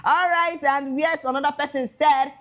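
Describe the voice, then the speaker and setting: A young Nigerian woman with a Nigerian accent hosting casual celebrity gossip commentary, excitable, mixing pidgin with English, with big swings in pitch and loudness. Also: normal speed. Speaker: entertainment news host.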